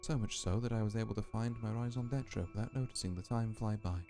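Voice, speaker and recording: A man voicing a newly created artificial being in a hushed, reflective read over faint music. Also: lowish voice, quick pace, close to an everyday voice. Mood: wistful.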